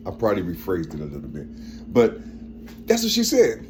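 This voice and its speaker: A man in his fifties with a strong, forceful tone, talking in a rambling personal monologue and repeating phrases as he searches for words. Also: deep voice, wildly swooping pitch, a little fast, long pauses, slight background noise. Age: 50s.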